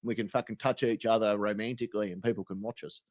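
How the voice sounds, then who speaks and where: A man with an Australian accent, streaming and ranting crudely, swinging between loud outbursts and low mumbles. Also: fairly even intonation, fast, lo-fi sound. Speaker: streamer reacting to videos. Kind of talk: crude comedic rant.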